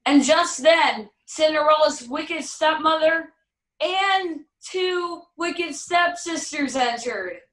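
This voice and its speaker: A woman's voice: sits high, takes it slowly, fairly bright tone. A woman playing a dry, teasing narrator who tells the tale her own way in a filmed stage play. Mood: storytelling. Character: wry, unbothered female storyteller who bends the tale. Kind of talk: theatre acting in a filmed virtual production. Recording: roomy sound, far from the mic.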